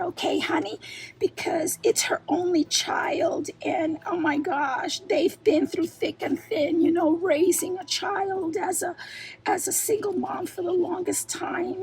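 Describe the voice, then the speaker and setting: A woman hosting a craft channel, chatting through an unboxing, gushing and exclaiming often and wandering off on tangents. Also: extremely high pitch. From New York. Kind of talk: unboxing vlog chat.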